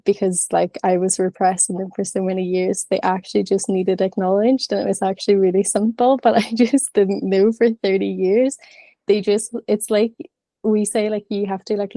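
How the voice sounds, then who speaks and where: A woman's voice: medium pitch, level tone, moderate pace, warm tone, no echo. A woman in her thirties sharing openly and chattily in an online class, with plenty of filler words. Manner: frank, chatty, many fillers. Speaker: class participant.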